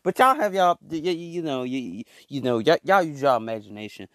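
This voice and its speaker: A man's voice: fairly high pitch, very animated, a little fast, no echo, clean studio sound. A man vlogging in a casual monologue who stammers and repeats words, talks in slang and calls his listeners y'all and bro.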